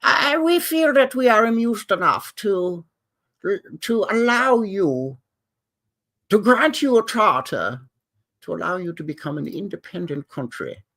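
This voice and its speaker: A man putting on the voice of a regal, haughty elderly queen who speaks in the royal "we", stately and halting. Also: sits high, lively intonation, gravelly, a bit bright, pitched above the performer's own voice, full character voice. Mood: regally condescending.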